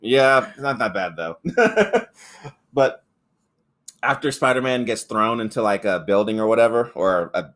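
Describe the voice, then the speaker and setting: A rambling, foul-mouthed man in a casual podcast chat. He talks at an ordinary pitch, tells the story in loose stretches and keeps acting out the lines of the people he describes. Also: lively intonation, a little slow, a bit bright. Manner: rambling, swears a lot, acts out quotes. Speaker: podcast co-host reviewing a film.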